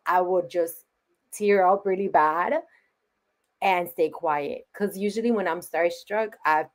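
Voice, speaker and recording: A woman being interviewed as a guest, talking casually and eagerly, laughing often and filling with "like". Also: fairly low pitch. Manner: enthusiastic, laughs often, fills with "like". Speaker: interview guest, wrestling fan.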